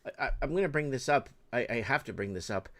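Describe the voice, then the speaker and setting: A Canadian man in casual chat, telling a story in an animated, exasperated way with stammering restarts. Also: mid-range voice, fast talker, a crowd in the background.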